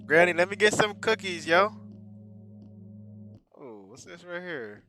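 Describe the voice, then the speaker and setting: A man joking and yelling through a horror game playthrough with casual commentary. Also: sits high, expressive, unhurried, over music. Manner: joking, with loud outbursts. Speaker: game player. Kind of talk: let's play commentary.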